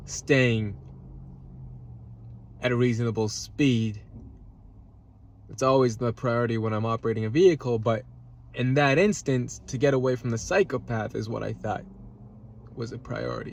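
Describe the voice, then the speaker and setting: A man's voice: mid-range voice, creaky, a little hiss or hum. A man telling a road-rage story in a heated, profane rant, repeating himself, his voice jumping up when he gets upset. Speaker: vlogger. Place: at home, eating a salad.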